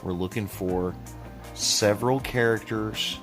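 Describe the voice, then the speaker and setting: A man's voice: a little slow, over music. A middle-aged man hosting a casual chat, jokey and teasing. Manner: jokey, teasing, playfully deep put-on voice. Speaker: host.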